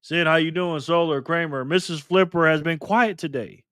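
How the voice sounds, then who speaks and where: A man's voice: a little high, normal speed, fairly bright tone, smooth, dry recording, clean studio sound. A man hosting a casual live stream, greeting chat members by name and teasing them in a playful way.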